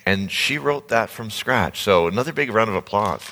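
A man giving a conversational sermon as a pastor, telling a playful story with sudden loud bursts on a stage mic. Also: on the low side, lively intonation, normal speed, slight background noise. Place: large church hall. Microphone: handheld stage mic. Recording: long hall reverb.

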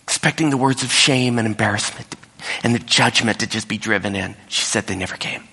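A male pastor delivering a sermon and telling a story, dropping to whispers and rising high when he quotes people. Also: a little fast, sharp tone, slightly rough. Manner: storytelling, drops to whispers and rises high when quoting others. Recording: echoey hall with long reverb.

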